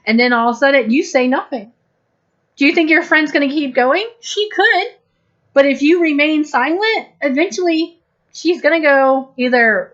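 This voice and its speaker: A woman giving a channeled spiritual talk, speaking slowly, gently and deliberately, and acting out small quoted exchanges. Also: high voice. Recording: dull lo-fi recording.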